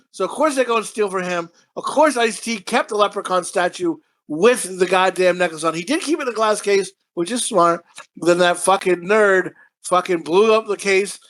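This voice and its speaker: A man's voice: high-pitched, a bit bright, rough recording. A man co-hosting a podcast, ranting in a rambling, profane way in casual chat. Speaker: podcast co-host.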